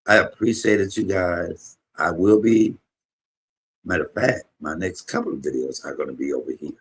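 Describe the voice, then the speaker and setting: A man in his fifties, a comedian streaming a casual chat and telling emotional, rambling stories with sudden loud bursts. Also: low-pitched, moderate pace, breathy edge. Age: 50s. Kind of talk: casual livestream chat and storytelling.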